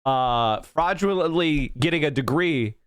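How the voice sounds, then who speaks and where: On a live stream, a male political commentator from Pennsylvania rants heatedly and profanely, frequently erupting into shouts. His voice is a little high, expressive and resonant, clear in tone, with a slightly slow pace.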